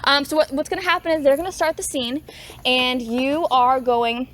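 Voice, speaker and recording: A woman's voice: sits high, fairly even intonation, moderate pace, fairly bright tone, slight background noise. A young woman hosting a youth program in an upbeat, chatty way with many fillers. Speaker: program host.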